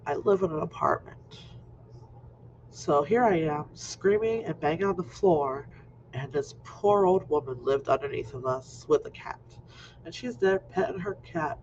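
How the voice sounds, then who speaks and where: A man in his fifties telling a personal story in an animated way, acting out scenes, in a muffled lo-fi recording. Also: on the high side, normal speed. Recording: muffled lo-fi recording with faint noise.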